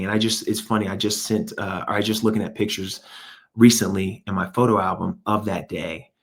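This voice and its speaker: A man's voice: on the low side, creaky. A middle-aged man, a former pro football player, telling his story in an interview with an emphatic, motivational manner. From United States. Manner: emphatic, motivational, quotes himself and others. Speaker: guest, former NFL player and speaker.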